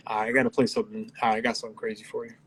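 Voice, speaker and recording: A man's voice: on the low side, little pitch movement, rapid-fire, heavy background noise. A man, a rapper and producer, chatting loosely on a live interview, laid-back and swearing freely. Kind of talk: casual livestream chat. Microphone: livestream.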